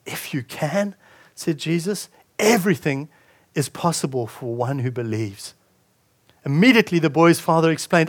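A man preaches a sermon to his congregation. He reads scripture aloud and then comments on it, often restarting his sentences. His speaking voice sits slightly high for a man. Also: moderate pace. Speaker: pastor.

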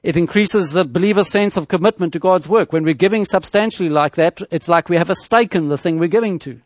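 A man preaching a sermon in a measured teaching tone, with rhetorical questions and frequent restarts. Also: high-pitched, dry recording.

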